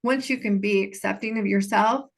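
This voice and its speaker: Woman, podcast host and coach; earnest, conversational, mid pitch, repeats phrases for emphasis. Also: fairly even intonation, moderate pace, creaky. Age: adult. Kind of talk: casual solo podcast talk.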